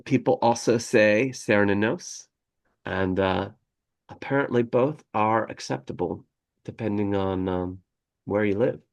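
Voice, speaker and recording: A low-voiced man with a gravelly edge co-hosts a relaxed podcast. He reads passages aloud and keeps wandering off into chatty asides, laughing as he goes. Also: unhurried. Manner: rambling, digressive, laughs often. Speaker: podcast co-host. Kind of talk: casual chat reading from a history book.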